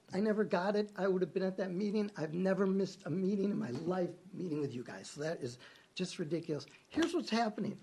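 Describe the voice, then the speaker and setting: A man's voice: high-pitched, mellow, breathy edge. A man speaking as mayor at a city council meeting, upset and defensive, repeating himself as he argues his case. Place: council chamber.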